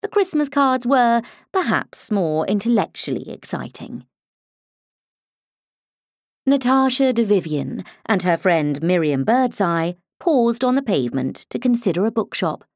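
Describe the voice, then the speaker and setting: An audiobook narrator reads a crime novel in an expressive, storytelling style. Her voice is fairly low, and the scripted narration is recorded dry at studio quality.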